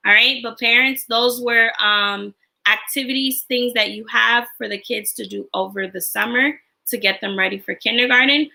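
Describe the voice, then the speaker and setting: Woman teacher, slightly high voice, livestream announcements, repeats and corrects herself as she explains. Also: normal speed, gravelly, bright, forceful tone. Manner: explains step by step with fillers and restarts.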